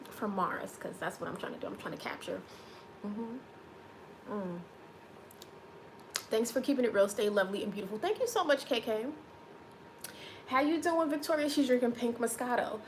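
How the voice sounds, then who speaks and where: A woman with a medium-pitched voice hosts a casual livestream, chatting playfully with her viewers and reading their comments aloud. There's a faint hiss or hum in the audio.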